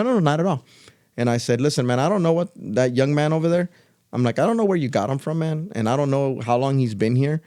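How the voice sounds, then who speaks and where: A middle-aged man and podcast co-host telling a story in casual chat, acting out other people's lines as he goes. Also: mid-range voice. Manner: animated, loose storyteller who acts out other people's lines.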